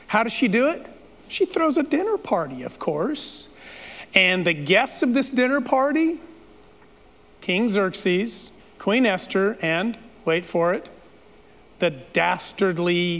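A man's voice: sits high, a bit bright. A man preaching a sermon, retelling a story in a dramatic, playful way with asides to the listeners. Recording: long reverb of a large hall.

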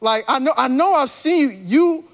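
A man's voice: very high voice, moderate pace, a bit bright, pitched above the performer's own voice. A man preacher voicing pushy male townspeople who accuse a bystander in slangy street talk. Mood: accusing.

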